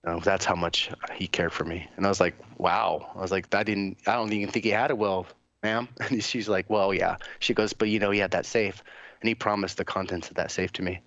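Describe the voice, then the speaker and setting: Podcast host, male, low voice, casual profane storyteller; dry, slightly dull recording. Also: fairly even intonation, brisk, fairly bright tone, no room sound. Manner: rambling, profane, lots of fillers and quoted dialogue.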